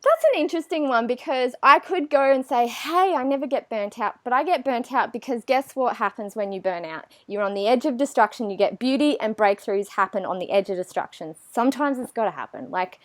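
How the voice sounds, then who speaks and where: A woman's voice: fairly high pitch, lively intonation, a little fast, few pauses, no echo. A woman, chatting animatedly as an interview guest and acting out her own thoughts. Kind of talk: casual interview chat.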